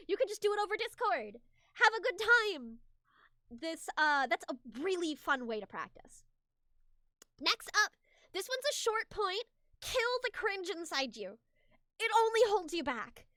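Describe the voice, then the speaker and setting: A woman streamer giving casual advice on voice acting, chatty and animated with many restarts and repeated words. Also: very high voice, dry recording, studio quality. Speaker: streamer and hobbyist voice actor.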